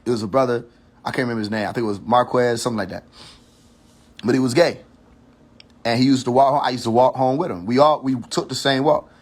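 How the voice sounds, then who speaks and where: Hosting a casual rant on his social media livestream, a man speaks quickly with a steady, medium-pitched voice and frequent pauses. He's heated, preachy and profane, repeating his warnings and restarting sentences as he thinks aloud.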